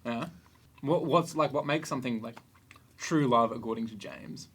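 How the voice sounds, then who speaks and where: A man's voice: mid-range voice, moderate pace, fairly bright tone, husky. A young man hosting a casual podcast chat as a youth group leader, chatty and easygoing, joking and laughing often.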